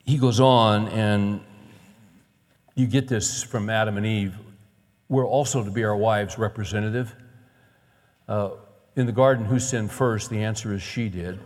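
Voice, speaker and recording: A man's voice: lowish voice, fairly even intonation, a little slow, long pauses, darkish tone. A man preaching a sermon as a pastor, earnest and conversational, telling stories and asking rhetorical questions. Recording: long hall reverb.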